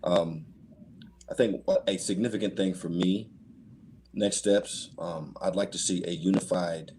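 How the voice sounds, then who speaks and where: A man on a church panel speaks in a low, mellow voice. He hesitates and restarts often, then lands his points with conviction. Faint background noise sits under his voice. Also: fairly even intonation, measured pace. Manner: hesitant, many fillers and restarts, then firm. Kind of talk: panel discussion remarks.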